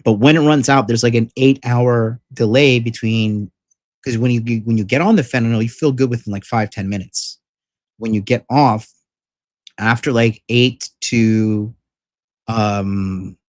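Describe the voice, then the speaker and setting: A man vlogging, retelling a rough experience in a rambling, profane, frank way with lots of fillers. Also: mid-range voice, a little mellow, no room sound. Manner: frank and emphatic. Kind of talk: casual storytelling vlog.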